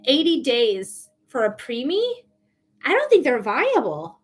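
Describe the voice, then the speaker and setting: A woman's voice: high voice, wildly swooping pitch, slow, slightly rough. A woman psychic giving a casual live-stream reading, chatty and blunt, swearing freely. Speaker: psychic reader.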